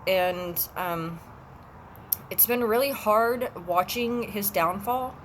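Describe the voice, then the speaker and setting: A woman vlogging alone, telling a personal story in a halting way with many pauses and restarts. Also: mid-range voice, a bit bright, a little hiss or hum, low-quality recording. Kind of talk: emotional personal vlog.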